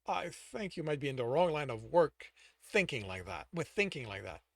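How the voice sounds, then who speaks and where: A man's voice: on the high side, very animated, moderate pace, vocal fry, dry recording, studio quality, exaggerated voice. A man voicing a brash, battered young male mercenary with a cocky, taunting manner. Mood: weak, earnest.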